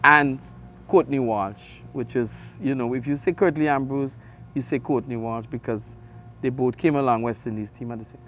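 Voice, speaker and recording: A middle-aged man with an Antiguan accent, a radio sports host telling stories in an interview, animated with big jumps in his voice. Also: mid-range voice, moderate pace, a little hiss or hum. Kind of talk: conversational interview storytelling.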